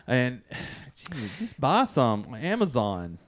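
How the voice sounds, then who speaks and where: A man co-hosting a casual podcast, teasing the others with loud swearing and exclamations. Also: mid-range voice, huge pitch swings, slow. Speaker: podcast co-host. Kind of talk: casual chat.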